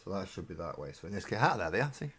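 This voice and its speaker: Low-voiced English man rambling on a live stream. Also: sing-song, racing, fairly bright tone, slightly rough. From England. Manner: rambling and self-mocking, often trailing into mumbles. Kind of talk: casual live-stream chat while building miniatures. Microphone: desk mic on a live webcam stream.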